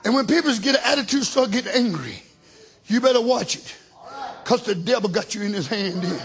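Male preacher, shouting sermon with hallelujahs, very high, bright voice. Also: expressive, fairly quick, creaky. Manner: shouting, call-and-response hallelujahs; colloquial, folksy speech.

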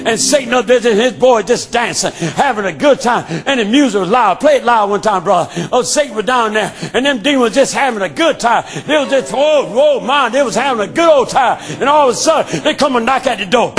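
A man preaching a sermon with emphatic call-and-response, often shouting and then dropping low. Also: expressive, fairly quick.

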